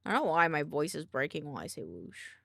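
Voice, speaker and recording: A woman's voice: low voice, very animated, quick pace, vocal fry, a bit bright, no echo, clean studio sound. A woman streamer chatting casually while she draws, murmuring half to herself and making little sound effects.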